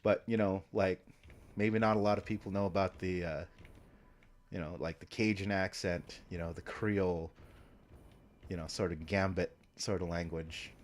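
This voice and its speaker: A man with a fairly low voice rambles on a live stream. He thinks out loud, drops casual swear words and keeps circling back and restarting his sentences. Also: steady tone, moderate pace. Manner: meandering, swears often, trails off and restarts.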